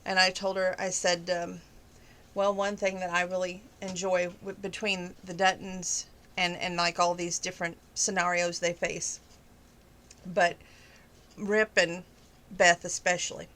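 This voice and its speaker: A woman's voice: fairly low pitch, little pitch movement, measured pace, bright, forceful tone. Chatty woman rambling eagerly. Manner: rambling, eager retelling with restarts. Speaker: vlogger. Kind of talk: casual chat.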